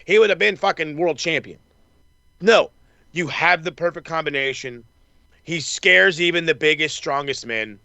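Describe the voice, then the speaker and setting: A man hosting a wrestling talk show in casual chat, animated and profane, acting out wrestlers' reactions. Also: sits high, no room sound. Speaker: wrestling podcast host.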